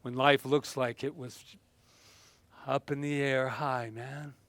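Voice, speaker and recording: Laughing often and bursting into sudden exclamations, a man delivers a playful, lively motivational talk with props. He has a mid-range voice, takes things slowly, and the recording is dry.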